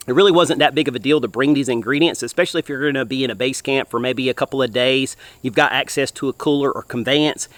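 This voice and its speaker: A man's voice: mid-range voice, a bit bright, no room sound. A man hosting an outdoor cooking show, talking to viewers in a folksy, upbeat way from a campfire in the woods. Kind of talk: enthusiastic cooking vlog.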